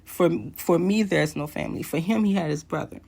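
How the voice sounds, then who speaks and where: A woman around forty tells a personal story to camera in a candid, conversational way. Her voice sits fairly low, with a gravelly vocal fry. She pauses on hesitant fillers as she goes. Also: warm tone. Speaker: vlogger.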